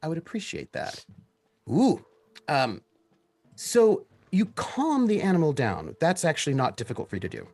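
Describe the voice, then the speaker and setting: A man narrating and explaining rules as game master of a tabletop game, in a relaxed way with many pauses. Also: fairly high pitch.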